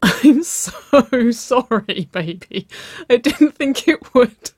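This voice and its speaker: A narrator voicing a playful, giggly young woman in love, who squeals high and breathless when teasing. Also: sing-song, measured pace, husky, dry recording, studio quality. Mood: laughing.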